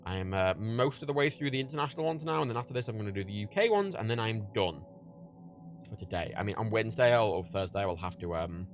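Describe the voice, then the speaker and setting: Faint music plays behind a lowish, lively-sounding male voice that talks fast. The speaker, a man from Ireland hosting a livestream, rambles casually with fillers and repeated words as he packages prints at home for orders.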